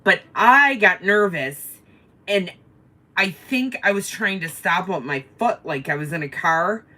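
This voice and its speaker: Bright, lowish-voiced woman telling a story. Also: unhurried. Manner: animated storyteller who swears freely. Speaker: co-host of a live chat stream. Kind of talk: casual storytelling chat.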